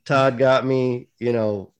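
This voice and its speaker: A man, a comic book writer, chatting relaxed as a podcast guest. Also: medium pitch, slow pace, smooth. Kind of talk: casual podcast interview.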